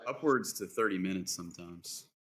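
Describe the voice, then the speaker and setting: A man's voice: deep voice, moderate pace. A man co-hosting a trading stream from his desk, casually explaining his chart levels with frequent fillers. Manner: relaxed, explains setups, frequent um and like. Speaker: co-host trader. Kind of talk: casual live market commentary. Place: home trading desk with monitors.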